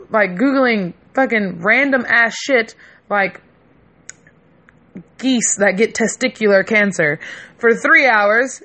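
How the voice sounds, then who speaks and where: A young woman spins a casual story in a bright, sharp voice. She is brash and profane, throwing herself into it and acting out what her friends said. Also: a little high.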